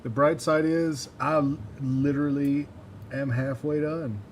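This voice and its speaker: A man's voice: on the high side, fairly even intonation, a little slow, slight background noise. A man from Mississippi with a mild Southern accent, chatting casually on a livestream while he builds electronics, rambling and chuckling at himself. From Mississippi, USA. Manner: rambling, chuckling, self-deprecating. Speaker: livestreamer building a synth module.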